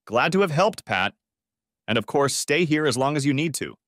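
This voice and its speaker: A man's voice: a little high, big pitch swings, moderate pace, fairly bright tone, no room sound, voice pushed up. A man voicing a courteous, formal county sheriff in an audio-book story, dry and close. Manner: polite, accommodating, formal. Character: courteous middle-aged male county sheriff.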